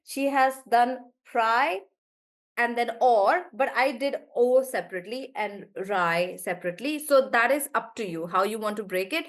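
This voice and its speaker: Woman teacher stretching words out slowly. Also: on the high side, a bit bright. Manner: encouraging, drawn-out words when modelling pronunciation. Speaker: online English teacher. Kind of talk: live online class.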